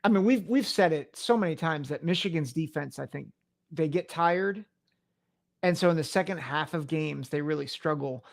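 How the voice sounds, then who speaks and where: Male podcast co-host with a gravelly, creaky voice, laid-back, reeling off stats. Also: normal speed. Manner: reads off stats in a low, relaxed way. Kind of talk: casual sports talk.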